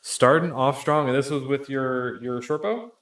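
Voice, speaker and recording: Man, game master, narrating, methodical rule explanations, filler pauses, roomy echo. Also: medium pitch, a bit bright.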